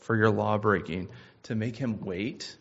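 Husky-voiced man preaching a sermon. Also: lowish voice, unhurried. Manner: asks probing questions, repeats himself for emphasis. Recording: muffled lo-fi recording.

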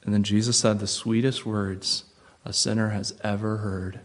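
A pastor preaching a sermon in an emphatic way, repeating key phrases and moving between hushed and loud. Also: male voice, fairly low pitch, little pitch movement, normal speed, few pauses, slight background noise.

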